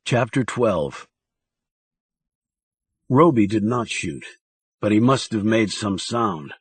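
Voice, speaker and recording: A man reading a thriller audiobook in a measured, dramatic narration style. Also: on the low side, expressive, husky, no echo.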